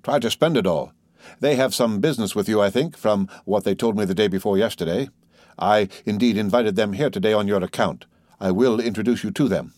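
A man voicing a composed, worldly nobleman who speaks in a measured, assured, faintly ironic way. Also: lowish voice, a little mellow, no room sound, natural voice. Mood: urbane.

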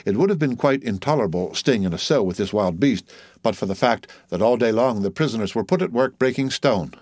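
Casting: male audiobook narrator, measured and steady, dry close recording. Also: lowish voice, dry recording.

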